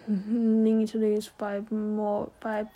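Slow, earnest young woman podcasting. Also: mid-range voice, monotone, lo-fi sound. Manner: earnest, many ums and restarts. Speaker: podcast host. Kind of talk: solo podcast monologue.

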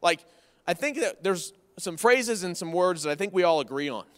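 A man's voice: high-pitched, animated, normal speed. A man in his thirties preaching a conversational sermon, folksy and repeating key phrases for emphasis. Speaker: pastor. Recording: long hall reverb from the room.

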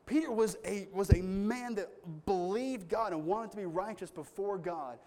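A man's voice: high-pitched, moderate pace, a little mellow. A man pastor preaching a sermon in an earnest, conversational storytelling way with strong emphasis.

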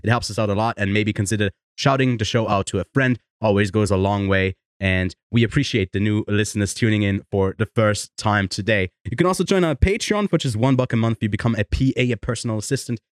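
Low-voiced guy hosting a podcast, chatty, laughs a lot, dry close sound. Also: quick pace, few pauses, no room sound. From Switzerland. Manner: chatty, laughs often, swears casually. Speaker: podcast host. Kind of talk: casual chat.

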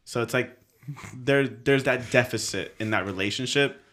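A man's voice: mid-range voice, normal speed. A man co-hosting a podcast, telling stories in casual chat with lots of laughter and swearing. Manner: animated storyteller, frequent laughs, lively swearing. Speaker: podcast co-host.

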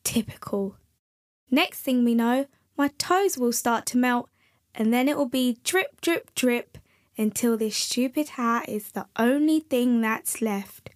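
A woman's voice: on the high side, takes it slowly. A woman voicing a grumpy male snowman who moans and complains. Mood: grumbling. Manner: moaning, complaining.

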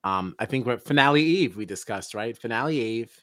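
A man's voice: mid-range voice, a little fast, no echo, studio quality. A man co-hosting a casual reality TV recap podcast, running the show and plugging its socials. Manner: lively, wraps up the show with plugs. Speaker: podcast co-host.

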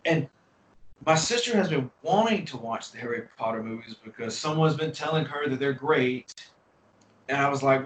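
Male podcast host, relaxed and chatty, mid-pitched, heard from a distance in an echoey room. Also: fairly quick. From United States. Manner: relaxed, repeats words when starting. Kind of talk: casual chat. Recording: roomy sound, distant from mic, faint noise.

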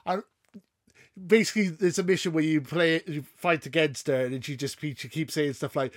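A man's voice: on the high side, steady tone, moderate pace, no echo, clean studio sound. A man guesting on a podcast, ranting casually and swearing a lot. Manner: exasperated ranting, swears often, laughs. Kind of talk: casual chat.

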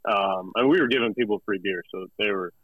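A man talking as a guest in a casual interview, relaxed and halting with many fillers. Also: fairly low pitch, no room sound, narrow, tinny audio. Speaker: guest, company representative.

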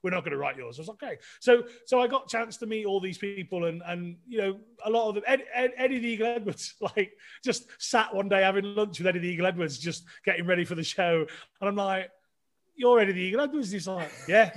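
A man's voice: high-pitched, fairly even intonation, fast. A middle-aged man with a chatty, self-deprecating manner, telling stories casually as a podcast guest, with many restarts. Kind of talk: casual storytelling.

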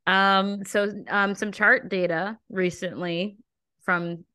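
A woman's voice: mid-range voice, steady tone, takes it slowly, pushed and bright, clear, resonant tone. A young woman co-hosting a podcast, chatting casually and giggling, with lots of filler words. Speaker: podcast co-host. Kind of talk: casual chat.

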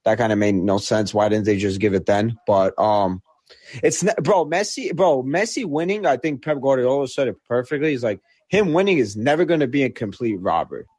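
A man's voice: fairly low pitch, expressive, a little fast, hardly any pauses, a little mellow. A man talking loosely in a casual podcast chat, leaning on fillers and "bro". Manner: loose, laid-back, many fillers like "I mean" and "bro". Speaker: podcast co-host.

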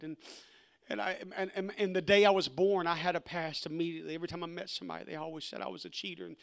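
Impassioned high-pitched male preacher. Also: steady tone, fast, gravelly, smooth. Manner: impassioned, repeats words, acts out dialogue. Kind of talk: sermon.

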